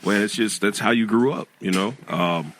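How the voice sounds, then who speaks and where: A man co-hosting a podcast, talking in a relaxed, easygoing way and filling gaps with you-knows. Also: lowish voice, normal speed, noisy background. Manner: laid-back, drops lots of you-knows. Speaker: podcast co-host. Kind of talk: casual chat.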